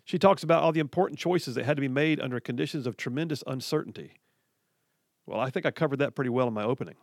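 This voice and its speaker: A man hosting a talk radio show, ranting in an animated, mocking way about the news. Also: medium pitch, fast, no echo, clean studio sound. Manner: animated, mocking, quotes others in put-on voices. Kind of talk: opinionated talk radio monologue.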